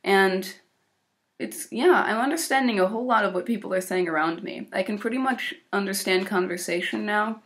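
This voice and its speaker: In her video diary about a year abroad, this Illinois teen sounds bright and mid-range, moving at a moderate clip. She's an American-accented exchange student vlogger, casual and upbeat, chatting away with fillers and small laughs.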